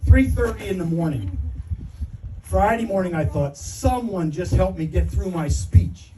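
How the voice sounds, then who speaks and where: A man's voice: sits high, big pitch swings, measured pace, mellow, recorded from a distance, a little hiss or hum, low-quality recording. Emotional father of the bride toasting. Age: middle-aged. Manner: self-deprecating, emotional, laughing through his story. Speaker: father of the bride giving a wedding speech. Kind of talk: wedding toast, storytelling. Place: wedding reception hall.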